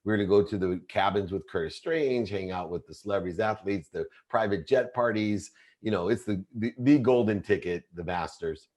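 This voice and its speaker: A middle-aged man speaks as a podcast guest, his voice sitting a little low. He tells a personal story in a confessional, intense way. He often breaks off and restarts his sentences as he goes. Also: moderate pace, few pauses, a little mellow.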